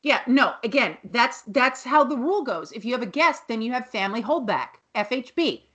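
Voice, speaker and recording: A woman co-hosts a casual podcast, retelling a sitcom episode and voicing its characters as she goes. Her voice sits fairly high and swings widely in pitch, and she drops the odd curse word. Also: normal speed. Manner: animated, swears, acts out characters' lines. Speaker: podcast co-host. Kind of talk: casual recap chat.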